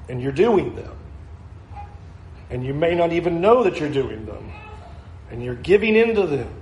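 Earnestly delivering a sermon, this middle-aged pastor voices the answers given by those he counsels. He speaks with a fairly high pitch, and the echoey room adds faint ambience and slight background noise.

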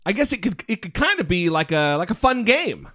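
Animated, profane male podcast host. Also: high-pitched, a little fast. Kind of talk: casual podcast chat.

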